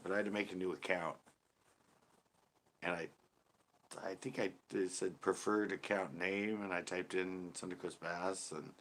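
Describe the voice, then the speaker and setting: A man's voice: fairly low pitch, sharp tone. Tired, chuckling laid-back man. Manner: laid-back, chuckles often, trails off mid-sentence. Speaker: channel host reading live chat. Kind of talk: casual livestream chat.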